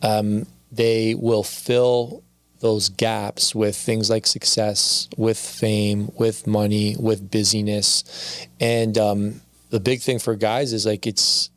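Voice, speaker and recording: A man's voice: lowish voice, flat delivery, slow, dry recording. A man speaking as a podcast guest, telling his story in a candid, confessional way and often repeating his phrases.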